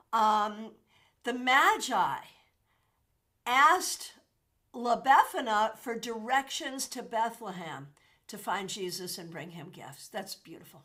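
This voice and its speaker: A woman hosting a casual livestream, chatting with her viewers and thanking them by name. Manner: animated, with sudden jumps in pitch and loudness. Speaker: tarot reader and livestream host.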